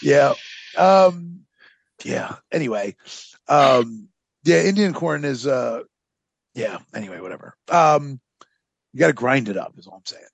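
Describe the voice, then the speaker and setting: A man's voice: mid-range voice, animated, measured pace, gravelly, long pauses, breathy edge, no echo, lo-fi sound. A man hosting a casual history podcast, telling the story with rambling sarcastic asides and lots of fillers. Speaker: podcast host.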